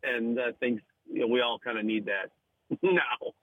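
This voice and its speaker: A man's voice: medium pitch, normal speed, no room sound, phone-quality sound. A man guesting on a radio show, telling a story in casual chat. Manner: animated, laughs while telling stories. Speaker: podcast host guest.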